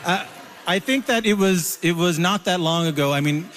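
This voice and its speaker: A man's voice: sits high, normal speed, fairly bright tone, big-room sound, slight background noise. A man hosting an interview, asking long, meandering questions with fillers. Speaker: interviewer host.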